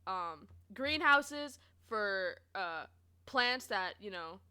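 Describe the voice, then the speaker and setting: A young woman streamer from Canada, casually telling stories to her chat, expressive and swearing freely. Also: mid-range voice, very slow, smooth. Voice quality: expressive, swears, laughs often.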